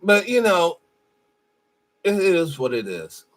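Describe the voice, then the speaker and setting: A man's voice: high voice, big pitch swings, slow pace, fairly bright tone. A man hosting a show, giving blunt, profane and mocking commentary over a played clip. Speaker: host.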